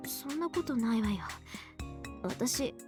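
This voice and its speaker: A proud young heroine in a visual novel, as a woman voices her, now faint and dazed, her words trailing off. Her voice sits fairly high, with clear game music behind it. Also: animated, normal speed, lightly acted. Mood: weak, dazed. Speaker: game character. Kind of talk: Japanese visual novel voice acting.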